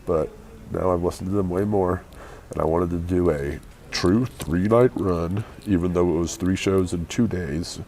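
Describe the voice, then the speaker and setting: A hungover man chatting casually with his live-stream viewers from an airport, keeping his voice quiet and low. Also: normal speed. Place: airport waiting area.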